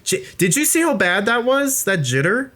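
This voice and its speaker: A man's voice: high-pitched, sing-song, normal speed, bright, forceful tone. A man giving casual, rambling commentary on his own let's play through a VR headset mic, self-deprecating and swearing freely.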